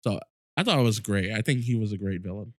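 A man co-hosting a podcast in casual chat, telling stories in animated, excited bursts. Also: on the low side, fast, no room sound, studio quality. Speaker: podcast co-host.

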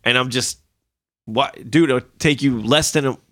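A man's voice: medium pitch, moderate pace, dry recording, clean studio sound. A man in his thirties telling rambling, profane driving stories in a casual podcast chat, ranting as he goes. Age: 30s. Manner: profane, animated storytelling, rants. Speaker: podcast guest.

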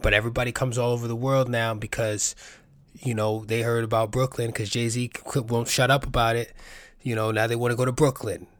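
A man's voice: medium pitch, level tone, brisk, fairly bright tone, dry recording. A man, from the Bronx, telling a rambling, profane story full of tangents as a podcast host. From New York City, the Bronx. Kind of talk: casual monologue.

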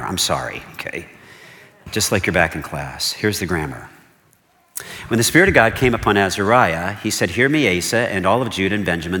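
A male pastor preaching a sermon, animated and conversational, with emphatic repeated warnings and frequent checks like "okay?" to the congregation. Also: lowish voice. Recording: long hall reverb.

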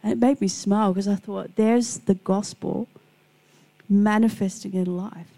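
A woman's voice: medium pitch, steady tone, unhurried, vocal fry, poor audio. A middle-aged woman giving a Christian devotional talk, telling personal stories and acting out the people in them. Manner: warm storytelling, acts out quoted people. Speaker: Christian speaker.

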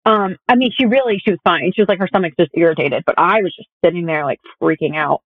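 A woman's voice: on the low side, quick pace, no echo. A young woman chatting casually as a guest and telling personal stories with lots of fillers. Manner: chatty storytelling with many fillers. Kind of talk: casual conversation. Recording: tinny phone-like audio.

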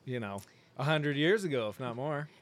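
A man in a middle register hosts a relaxed podcast conversation. He talks in an easygoing, thoughtful way and slips in an occasional joke. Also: medium pitch, normal speed. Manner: easygoing, thoughtful, jokes now and then. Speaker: podcast host, sailor. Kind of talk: casual conversation.

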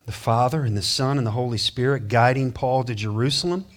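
The male preacher is brisk and animated, dramatizing the voices he quotes while swinging from loud declarations down to quiet, low passages.

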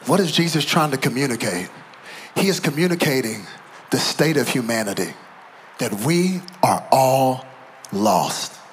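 A middle-aged male pastor preaching a sermon to a church audience, moving between quiet storytelling and shouted, emphatic preaching. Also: mid-range voice, expressive, unhurried, a little hiss or hum. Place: church auditorium.

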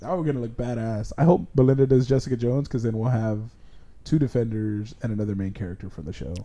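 A man's voice: medium pitch, fast, dark tone. A man hosting a podcast in casual chat, joking, swearing freely and laughing often. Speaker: podcast host.

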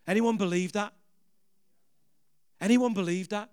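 Male preacher, very high voice, emphatic and repetitive, quizzes the crowd, dry close sound. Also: a little slow, no echo. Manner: emphatic, repeats phrases, questions the audience. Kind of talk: sermon.

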